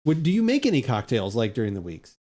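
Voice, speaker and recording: A man's voice: medium pitch, huge pitch swings, fast talker, dark tone. A man hosting a podcast, chatty and joking in casual conversation. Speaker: podcast host.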